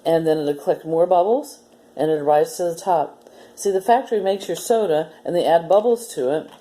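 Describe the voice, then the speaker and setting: Female story time host for kids; low, mellow voice, gentle and patient. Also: normal speed. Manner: gentle, explaining step by step. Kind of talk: reading a story aloud to children, then a simple demo.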